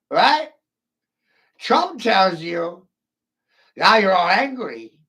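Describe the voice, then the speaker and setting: A man's voice: sits high, very animated, drawn-out words, gravelly, long pauses, bright, forceful tone. A man delivering a rambling, profane, mocking solo rant to the camera.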